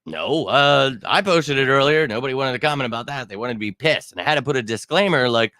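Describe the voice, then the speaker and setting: A man hosting a live fan Q&A stream, heated and rambling, swearing and shouting out commenters. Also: mid-range voice, animated, fast, dry recording, studio quality. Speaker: fan show host.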